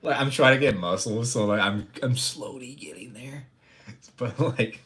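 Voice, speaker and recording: A man's voice: medium pitch, a little slow, a bit bright. A young man chatting casually on a livestream. He rambles, stammers through restarts and laughs often. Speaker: streamer.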